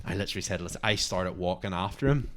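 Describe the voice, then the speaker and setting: A young man, co-hosting a podcast and telling stories in a casual, animated way, with lots of "like". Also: low-pitched, quick pace, a little hiss or hum. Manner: animated storyteller, heavy use of "like". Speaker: podcast co-host. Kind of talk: casual storytelling chat.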